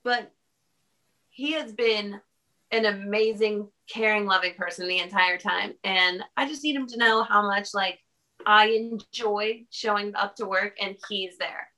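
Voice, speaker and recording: A woman's voice: mid-range voice, fairly even intonation, unhurried, pushed and bright. A young woman co-hosting a casual podcast chat, telling a personal story in a rambling way and laughing often. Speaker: podcast co-host.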